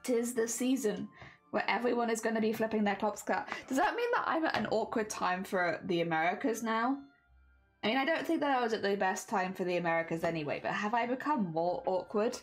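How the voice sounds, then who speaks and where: A woman's voice: medium pitch, expressive, fairly quick, soft background music. A British woman streaming a craft session, chatting casually with her viewers, laughing often and murmuring "oh dear" as she reads the chat. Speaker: craft livestreamer.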